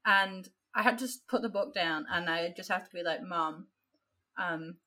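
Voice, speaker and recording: Co-hosting a laid-back book podcast, an Australian woman rants in a chatty way, packing in fillers, especially "like." She speaks fairly quickly in a mid-range voice that sounds pushed and bright.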